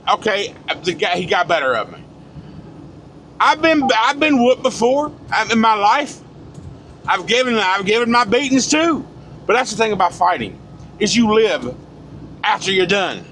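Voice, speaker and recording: A blunt man in his forties rants in a high-pitched voice, swearing freely and talking straight at the camera. Loud road noise from the moving truck cab runs under everything he says. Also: big pitch swings, moderate pace, long pauses. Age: 40s. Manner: blunt, profane, fired-up. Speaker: truck driver vlogger. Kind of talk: casual ranting monologue.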